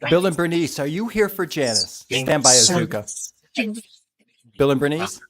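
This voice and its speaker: A man hosting a live stream, chatting playfully, laughing often and softly repeating short phrases. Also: on the high side, lively intonation, normal speed. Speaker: livestream host running spirit sessions. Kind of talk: live casual commentary.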